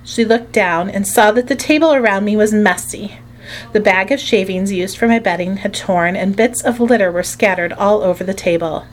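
A woman narrates a children's story with expressive, lively storytelling. Her voice is middle-pitched, with a faint hiss of noise behind it. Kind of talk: audiobook narration.

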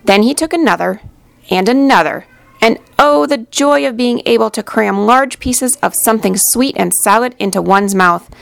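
A woman reading a children's storybook aloud in a gentle, expressive way, with a slightly gravelly voice. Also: fairly high pitch, moderate pace, dry recording. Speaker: narrator.

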